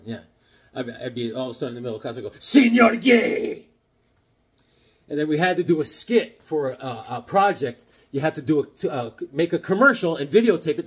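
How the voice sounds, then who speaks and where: Excitable husky man in his fifties. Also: fairly high pitch. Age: 50s. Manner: excitable, rambling, jokey. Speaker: comic book vlogger. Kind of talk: casual chat to camera.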